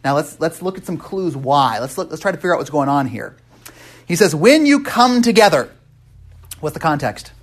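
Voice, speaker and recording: A man's voice: fairly high pitch, expressive, fairly quick. A man preaching a casual, interactive sermon, walking through a text and quizzing the congregation with frequent "right?" tags and restarts. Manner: conversational, asks the congregation questions. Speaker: pastor.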